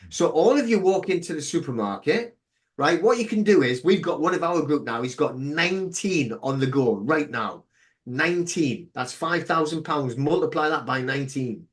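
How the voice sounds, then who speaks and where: A man, a podcast guest telling stories in an emphatic, indignant way. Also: medium pitch. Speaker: interview guest. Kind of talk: casual podcast interview.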